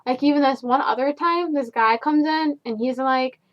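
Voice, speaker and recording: A high-pitched young woman rants casually about her customers. She talks in a sarcastic, exasperated, filler-heavy way, recorded on a dull, lo-fi home video. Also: normal speed. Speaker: fast food worker. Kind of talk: casual vlog rant.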